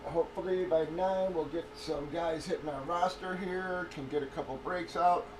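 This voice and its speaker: A man hosting card breaks chats casually on a livestream, rambling, swearing, and laughing often. His voice is higher, with a steady tone and moderate pace. He sounds a bit off-mic and distant, with faint noise.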